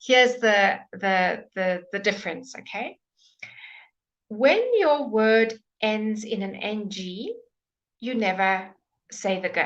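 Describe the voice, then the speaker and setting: Slow, patient woman teaching pronunciation. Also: on the high side, animated, fairly bright tone. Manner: slow, patient, repeats words many times. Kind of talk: live online language lesson.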